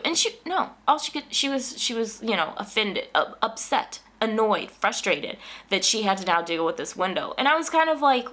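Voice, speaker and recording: A woman vlogger in casual, animated storytelling, whose voice jumps up when she quotes herself in exasperation. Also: a little high, moderate pace. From United States.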